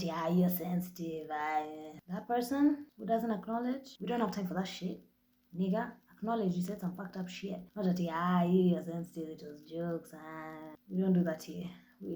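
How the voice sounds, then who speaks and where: A woman in her twenties with a Kenyan accent, hosting her own podcast in a blunt, profane, animated storytelling style. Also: medium pitch, reverberant. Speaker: podcast host. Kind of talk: casual monologue.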